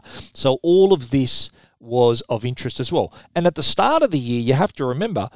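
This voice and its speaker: A man's voice: mid-range voice, dry recording. Chatty Australian man, dry close sound. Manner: quick, chatty, restarts phrases. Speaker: tech segment presenter. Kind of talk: casual tech news talk.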